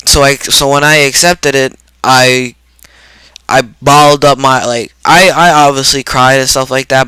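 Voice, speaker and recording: A teenage boy vlogging a personal story in a halting, rambling way, full of fillers and restarts. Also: mid-range voice, sharp tone, clear, resonant tone, no echo, poor audio. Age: teens.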